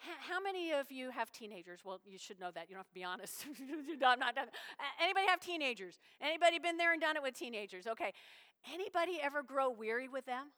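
A woman pastor preaching a sermon in a lively, folksy way, slipping into little acted-out voices. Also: high-pitched, fast, in a large hall.

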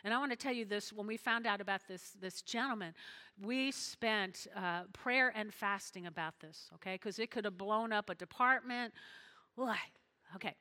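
A woman's voice: medium pitch, moderate pace, bright, forceful tone, long reverb tail. A woman preaching a chatty sermon, checking in with her listeners often. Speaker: pastor's wife, preacher.

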